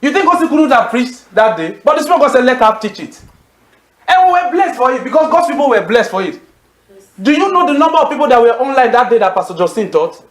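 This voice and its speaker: Guy preaching, high voice that swings all over, quizzes the crowd, echoey hall. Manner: call-and-response questions, emphatic and animated. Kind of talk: sermon.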